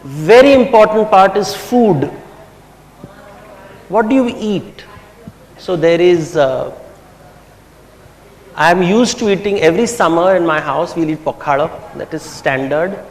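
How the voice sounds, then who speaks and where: A middle-aged man from India, speaking, telling personal stories in a reflective, unhurried public talk at a commemorative function. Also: sits high. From India, grew up in Bombay. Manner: reflective, unhurried storytelling with pauses. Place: large hall or auditorium. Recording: echoey hall with long reverb.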